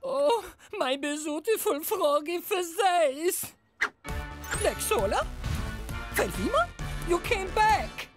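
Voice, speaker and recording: A woman's voice: very high-pitched, very animated, slow pace, long pauses, heavily acted. A woman voicing a brash male fish robber who turns into a frog, talking in slangy swagger and tacking "yo" onto his lines. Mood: excited. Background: cartoon music score.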